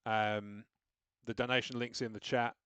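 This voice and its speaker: A man's voice: mid-range voice, little pitch movement, a little slow, a bit bright, smooth, dry recording, dull audio. A man streaming games live, chatting casually and thinking aloud as he works out his setup, with self-deprecating asides. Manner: rambling, self-deprecating, talks through what he is doing on screen. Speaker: game streamer.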